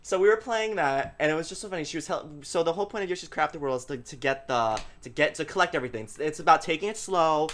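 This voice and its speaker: A man hosting a casual podcast chat, animated and quick to laugh. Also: on the high side. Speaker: podcast host.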